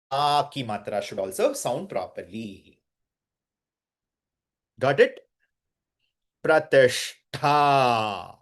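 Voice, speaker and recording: Slow, drawling teacher man. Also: medium pitch. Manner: drawn-out syllables, repeats words, quizzes students. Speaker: Sanskrit chanting teacher. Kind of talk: chanting lesson with syllable drills.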